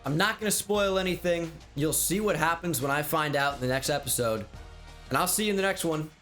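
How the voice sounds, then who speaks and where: A man giving casual video game commentary, rattling off stats in a quick, offhand way. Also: fairly high pitch, fairly bright tone, soft background music. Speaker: gaming YouTuber.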